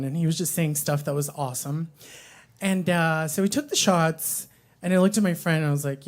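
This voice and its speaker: A woman's voice: deep voice, normal speed. A woman doing a stand-up comedy set at a coffee shop open mic, crude and rambling, with lots of "um" and "like".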